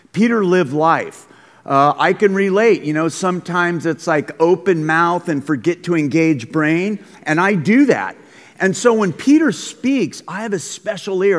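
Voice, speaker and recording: A man preaching a conversational, emphatic sermon as pastor, recorded in a school gym. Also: sits high. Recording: long hall reverb.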